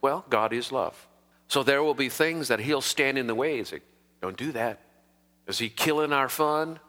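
A man's voice: mid-range voice, pushed and bright, long reverb tail. A man preaching as a pastor, emphatic and given to repeating words for stress. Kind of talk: sermon.

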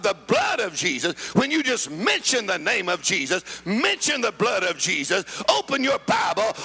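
A middle-aged man preaching a sermon, shouting and sing-song, mixing laughter and a told joke into his delivery. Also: sits high, vocal fry, husky.

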